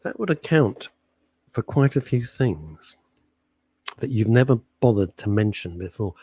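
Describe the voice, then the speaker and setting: Teasing radio co-host, lively pitch. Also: male voice, breathy edge, no room sound. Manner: teasing, jokey, quick to mock his co-host. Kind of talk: bantering radio chat. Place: home setup with a loud industrial fan behind him.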